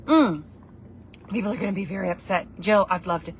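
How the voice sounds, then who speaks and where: A woman's voice: medium pitch, brisk. A woman chatting casually with her viewers during a livestream, rambling and poking fun at herself. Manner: chatty, rambling and self-deprecating. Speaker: livestream vlogger. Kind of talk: casual live chat with viewers.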